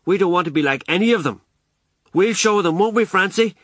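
A man voicing an excitable mother who chatters rapidly in a high, sing-song way. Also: no echo, studio quality. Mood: excited.

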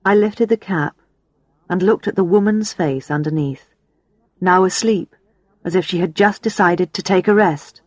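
A woman's voice: fairly low pitch, unhurried, dry recording. Woman narrating a story, dry sound. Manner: steady storytelling. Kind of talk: audiobook narration.

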